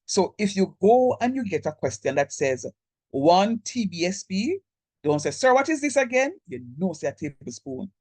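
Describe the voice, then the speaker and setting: On a video call, a man with a Jamaican accent lectures an online math class, speaking directly and conversationally and code-switching into local speech. He has a high, warm voice with a breathy edge and big pitch swings, talks at normal speed, and the recording is dry.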